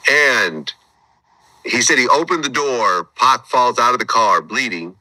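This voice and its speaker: A man hosting an interview, retelling events briskly and asking probing questions. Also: medium pitch, lively intonation, bright, forceful tone, no echo, poor audio. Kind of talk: conversational interview.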